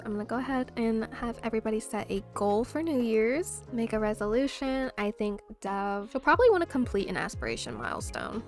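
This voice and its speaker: A young woman casually commenting on her gameplay, chatty and gushing over sweet moments. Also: a little high. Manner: chatty, gushing reactions to the game. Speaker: gameplay host.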